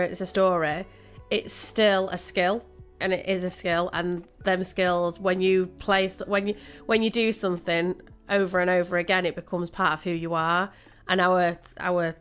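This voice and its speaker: A woman's voice: lowish voice, a bit bright, clear, resonant tone. A woman co-hosting a live show, talking casually and at length with restarts. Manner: chatty, rambling with restarts and laughter. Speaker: co-host. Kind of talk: casual radio chat.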